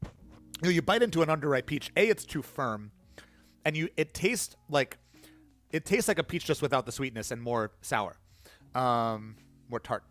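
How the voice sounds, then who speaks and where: A man's voice: medium pitch, lively intonation, moderate pace, pauses often, fairly bright tone, soft background music. A man hosting a livestream and chatting casually while mixing cocktails, rambling in a self-deprecating way. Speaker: livestream host.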